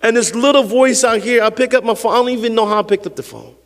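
High-voiced older pastor preaching in a reverberant hall. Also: male voice, expressive, fast. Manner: emphatic preaching, drops to hushed prayer, chuckles. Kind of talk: sermon. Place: church sanctuary. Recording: long reverb of a church hall.

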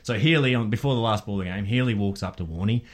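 A man's voice: fairly low pitch, fast talker. An Australian man co-hosting a casual sports podcast, ranting and telling stories with plenty of swearing. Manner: ranting, swears freely, animated storytelling. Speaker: podcast co-host.

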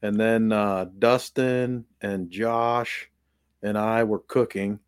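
A man co-hosting a podcast, telling stories in a casual, animated way and acting out what people said. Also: lowish voice, slow, clean tone, no room sound, clean studio sound. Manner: animated storyteller, acts out quotes. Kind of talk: casual chat.

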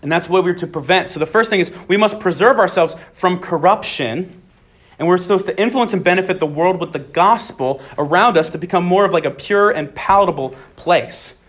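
A young man with a high voice gives an earnest Bible talk to students. He speaks casually, with plenty of "just" and "so", and repeats his main points for emphasis. His tone stays sincere and plain throughout. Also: brisk, a bit bright. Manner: casual filler-laden phrasing, many "just" and "so". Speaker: student ministry leader. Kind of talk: youth Bible talk with prayer.

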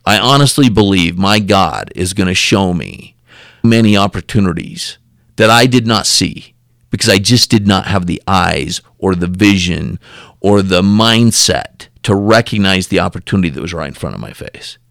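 A low-pitched man tells a story as a podcast guest and acts out each person's lines with lively shifts. He repeats and restarts words as he goes. The recording is dry and close, with no room sound. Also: moderate pace, gravelly, no room sound. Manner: animated storyteller acting out quoted dialogue.

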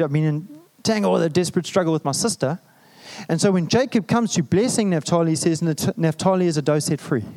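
A man's voice: high voice, darkish tone. A man preaching a sermon in a conversational, humorous way, with jokes and asides to the congregation. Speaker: pastor.

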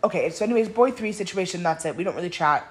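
A woman's voice: on the low side, lively intonation, quick pace. A woman hosting a podcast, talking candidly and bluntly in a casual monologue, swearing freely and often laughing. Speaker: podcast host.

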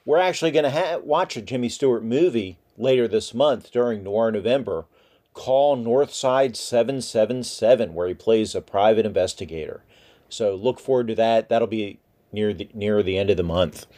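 A man's voice: on the low side, normal speed, mellow. A man hosting a podcast, talking casually and rambling a little, with frequent restarts. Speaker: podcast host.

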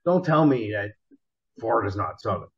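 A man chatting casually with a friend, spinning animated stories and swearing as he goes. His voice sits at an ordinary pitch. The recording is a little dull and lo-fi. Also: normal speed, a crowd in the background. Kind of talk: casual chat. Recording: slightly dull lo-fi sound.

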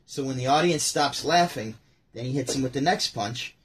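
A man hosting a daily show, chatting casually and telling stories in a rambling, animated way with many restarts. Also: medium pitch, normal speed, slight background noise. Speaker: host. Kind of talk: casual chat.

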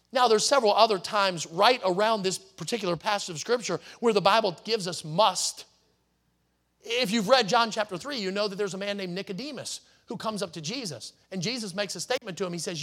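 High-voiced pastor preaching. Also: male voice, a bit bright. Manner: emphatic preaching, slows down to stress words. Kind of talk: sermon.

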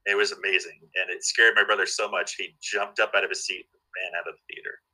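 A man's voice: deep voice, flat delivery, fast, bright, forceful tone, low-quality recording. A man chatting casually as a guest, telling stories with lots of fillers and restarts. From Southern California. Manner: enthusiastic storyteller, many fillers and restarts. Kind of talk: casual chat.

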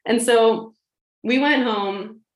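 A woman telling a long personal anecdote in casual chat, animated, laughing and acting out what others said. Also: fairly high pitch, slow. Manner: animated, laughing, acts out quoted lines. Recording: roomy echo.

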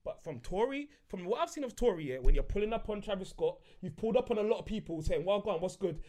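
Young guy in a heated debate, high lively voice, talks real fast, keeps cutting in. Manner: interrupts, repeats phrases, London street slang. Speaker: podcast panelist.

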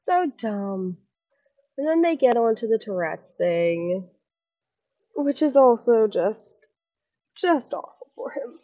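A woman hosting a casual chat podcast, animated, acting out what others said and laughing often. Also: mid-range voice, dry recording, highs cut off. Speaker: podcast host. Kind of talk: casual chat recapping an interview.

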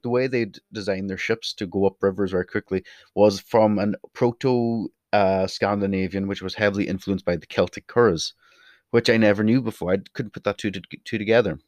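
Clean studio audio with no echo captures a lowish-voiced young Irishman vlogging in a rambling, casual way. He's talkative, swears bluntly, strays from the subject and sometimes moves off his desk mic.

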